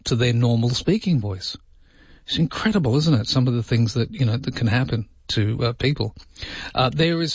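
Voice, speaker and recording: Male radio host, casual chatter, husky voice, dry close sound, muffled lo-fi audio. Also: dry recording. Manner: chatty, wondering aloud, lively pitch jumps on asides.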